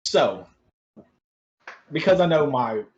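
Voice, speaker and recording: A man's voice: medium pitch, lively intonation, takes it slowly, highs cut off. Easygoing man running a tabletop game. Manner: upbeat, laughing, easygoing. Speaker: game master. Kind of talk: casual tabletop game hosting.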